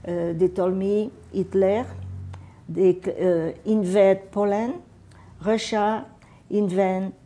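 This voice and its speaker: A woman in her eighties with a French and Catalan accent, a native Catalan speaker, recalling her wartime childhood for an interviewer in unhurried, halting English. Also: mid-range voice, fairly even intonation, dark tone. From France. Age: 80s. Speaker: veteran oral history interviewee. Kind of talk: personal war memories told to an interviewer.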